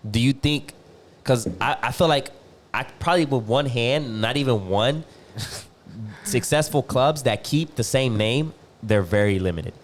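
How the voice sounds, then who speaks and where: A man's voice: medium pitch, measured pace. A man hosting a podcast, asking loose, rambling questions in a profane, casual way. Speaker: podcast host. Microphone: podcast studio mic.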